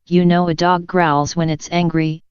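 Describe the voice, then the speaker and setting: A woman's voice: fairly low pitch, flat delivery, normal speed, clean tone, no room sound, lightly acted. Sly grinning cat, read by a woman. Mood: teasing. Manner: teasing, matter-of-fact. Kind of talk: audiobook character reading. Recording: dull lo-fi sound.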